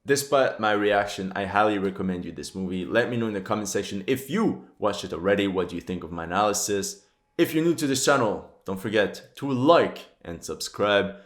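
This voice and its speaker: A man's voice: on the low side, expressive, a little fast. A man hosting a history channel, giving movie reaction commentary with critical, exasperated outbursts. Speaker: history channel host reacting to a war film. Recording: roomy echo.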